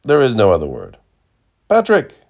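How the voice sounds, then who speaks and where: A man's voice: on the low side, big pitch swings, measured pace, a little mellow. A man voicing a servile, hesitant male innkeeper who gropes for his words, read as part of a storybook narration. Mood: fawning.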